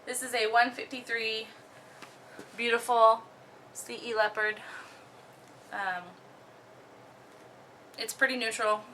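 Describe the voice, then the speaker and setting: A young woman from Oklahoma casually talking through her disc golf bag, relaxed, with many ums and the odd giggle. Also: on the high side, slow pace, long pauses, a little hiss or hum. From Oklahoma, USA. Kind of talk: casual show-and-tell.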